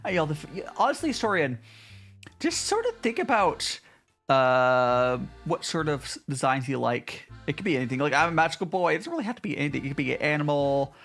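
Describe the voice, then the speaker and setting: Speaking briskly, a male VTuber in a casual home stream in Japan chats with his viewers, his pitch bouncing up and down with energy. He reads their messages aloud and answers with plenty of restarts in a chatty way. Soft music plays quietly underneath.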